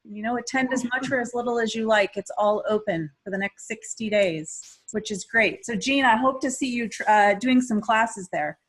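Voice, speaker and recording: A woman's voice: on the high side, moderate pace, few pauses, husky, low-quality recording. A woman co-hosting an interview, asking questions in an upbeat, encouraging way. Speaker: podcast co-host. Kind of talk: casual interview chat.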